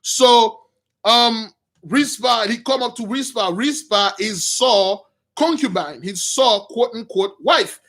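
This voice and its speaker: High-voiced man retelling Bible stories casually. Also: takes it slowly, fairly bright tone. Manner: rambling, slangy, many restarts. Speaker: Bible teacher.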